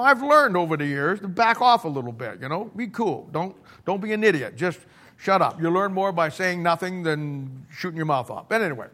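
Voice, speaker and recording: A man's voice: fairly high pitch, fairly bright tone. A middle-aged man preaching in a folksy, blunt, conversational way, often repeating words and restarting as he tells stories. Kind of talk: conversational sermon storytelling.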